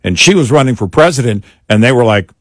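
A man co-hosting a political talk show, talking in an agreeable, steady way. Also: mid-range voice, fast, no room sound.

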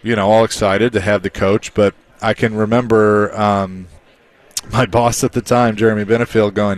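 A man hosting a sports talk radio show, speaking in a halting way with many pauses and fillers. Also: fairly low pitch, level tone, no room sound.

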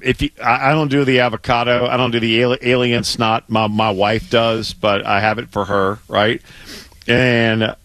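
A man's voice: mid-range voice, little pitch movement, normal speed, a bit bright, dry recording. A middle-aged man co-hosting a sports radio show in casual banter, emphatic and fired up, often repeating himself. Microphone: studio microphone.

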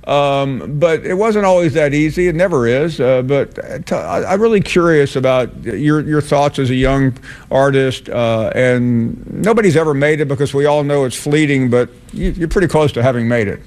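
A man hosting a sports TV show, interviewing a guest in a chatty, halting way with many restarts. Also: medium pitch, darkish tone. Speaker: sports TV host. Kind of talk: casual on-air interview.

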